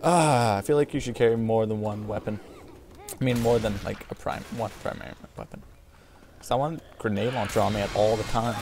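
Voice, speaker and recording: Gravelly excitable gamer guy. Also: on the low side, brisk, slight background noise. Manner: excitable, frequent yelps and exclamations. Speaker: gameplay commentator. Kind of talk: casual let's-play commentary.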